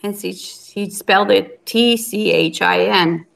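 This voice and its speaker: A woman's voice: mid-range voice, slow, vocal fry, a bit bright. A woman, a cooking channel host, chatting casually and emotionally as a guest on a live video-call stream.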